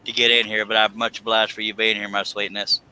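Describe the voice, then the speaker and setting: A man's voice: lowish voice, flat delivery, fast, bright, forceful tone, rough recording. A man hosting a live stream from his workshop, joking and affectionate in casual chat.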